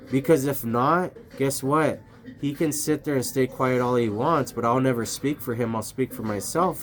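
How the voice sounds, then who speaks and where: A man talks to a camera mic outdoors at night in a loose, rambling stream. He swears freely and breaks into laughter often. His voice sits in an ordinary middle range for a man. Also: mid-range voice. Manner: rambling, profane, laughs a lot. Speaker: vlogger. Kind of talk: casual rambling talk to camera.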